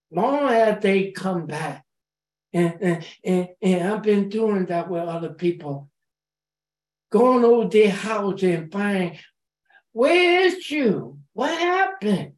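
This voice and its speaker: Woman sharing at a meeting; very slow, halting delivery, encouraging tone, echoing room. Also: lowish voice. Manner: halting, repeats words on restarts; warm, encouraging. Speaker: recovery meeting member. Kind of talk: sharing at a support group meeting.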